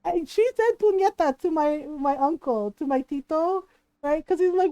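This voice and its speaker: A woman's voice: sits high, animated, moderate pace, mellow, dry recording, low-quality recording. A woman streamer telling a family story in casual chat, swearing freely and tagging lines with "right?".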